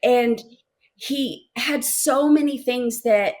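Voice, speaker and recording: Appearing as an interview guest, a middle-aged woman with a slightly high, somewhat mellow voice shares a heartfelt personal testimony. She speaks with emotion and hesitation, often repeating words while searching for what to say next.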